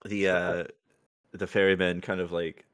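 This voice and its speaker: A man's voice: low-pitched, little pitch movement, a little slow, smooth, no room sound, studio quality. A man narrating as game master of a tabletop game, casual and often laughing.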